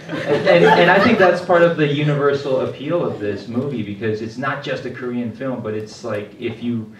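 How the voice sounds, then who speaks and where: A man's voice: medium pitch, moderate pace, over a noisy crowd. Joking man on a film panel. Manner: joking, chuckling between points. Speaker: actor on a post-screening panel. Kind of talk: casual panel talk. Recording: roomy hall, distant mic.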